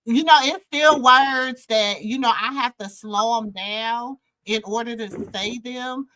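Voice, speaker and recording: Bright-voiced woman with a Southern lilt. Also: fairly high pitch, measured pace, slight background noise, low-quality recording. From Minnesota. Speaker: channel host. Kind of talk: casual live chat.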